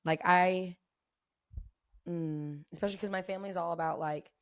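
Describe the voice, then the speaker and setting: A woman's voice: lowish voice, steady tone, moderate pace, long pauses. A young woman co-hosting a podcast, talking in casual, slangy and profane conversation. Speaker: podcast co-host. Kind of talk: casual chat.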